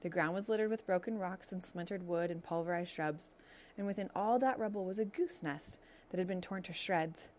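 A woman reading a children's novel aloud as narrator, telling the story in a steady, expressive way. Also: fairly low pitch, moderate pace, slight background noise.

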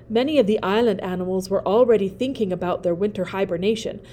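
A woman reading a children's novel aloud, narrating in a gentle, expressive way. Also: mid-range voice, fast talker, few pauses.

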